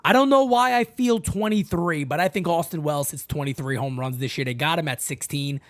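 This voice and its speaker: Deep-voiced and talking fairly quickly, a woman hosts her fan channel's casual live-stream sports chat from a home setup. She's excitable and chatty, with "man" and "folks" as her go-to words for the audience.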